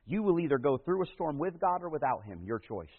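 Male pastor, sermon delivery, husky tone, emphatic build-ups, tinny lo-fi phone-like audio. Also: a little high, sing-song, fairly quick, big-room sound. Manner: preaching, rising to loud emphatic peaks.

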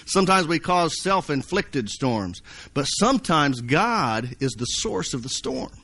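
A man's voice: on the high side, sing-song, a little slow, sharp tone, husky. A man preaching a sermon, folksy and storytelling, sometimes acting out panicked voices. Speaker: pastor.

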